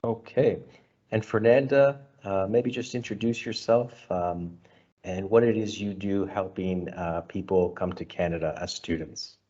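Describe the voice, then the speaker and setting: Very low-voiced webinar host. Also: male voice, measured pace, mellow. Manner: hesitant, with fillers. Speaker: immigration consultant, host. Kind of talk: hosting a webinar. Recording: dull lo-fi audio.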